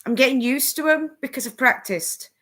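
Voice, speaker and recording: A woman's voice: high-pitched, moderate pace, fairly bright tone. A woman hosting a casual crafting live stream, chatting with viewers and laughing often.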